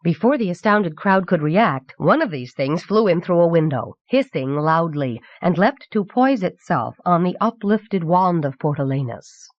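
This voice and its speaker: A woman reading a novel aloud as audiobook narrator in a measured, clear voice from an old cassette recording. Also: fairly low pitch, expressive, no echo. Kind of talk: scripted narration. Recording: dull 1990s cassette audiobook.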